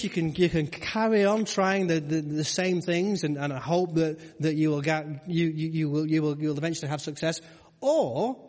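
A man preaching a conversational sermon, full of rhetorical questions and asides to the congregation. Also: a little high. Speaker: pastor. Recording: long hall reverb.

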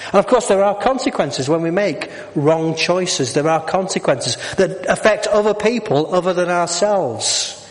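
A man's voice: high-pitched, animated, a little slow. A middle-aged man preaching a sermon, asking the congregation questions and slipping in jokes. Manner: jokey, asks the congregation questions. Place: church. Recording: long hall reverb.

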